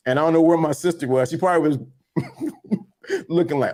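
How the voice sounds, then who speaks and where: A man's voice: fairly high pitch, moderate pace. A man, co-hosting a podcast and telling stories while he acts out the voices of the people in them. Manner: animated storyteller acting out voices. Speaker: podcast co-host. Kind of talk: casual storytelling chat.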